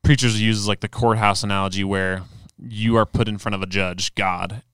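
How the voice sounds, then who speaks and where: On a podcast he co-hosts, a man earnestly explains religious ideas in a casual chat full of filler words. His voice sits on the low side with little pitch variation, a moderate pace, and a slightly bright, clear, resonant tone on a dry recording.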